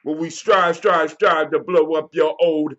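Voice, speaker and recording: High-voiced man hosting a hyped livestream. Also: steady tone, measured pace, heavy background noise. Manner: hype preacher-like greetings, slangy. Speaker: host of a daily toast livestream. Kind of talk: casual livestream talk. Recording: dull lo-fi with music behind. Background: music.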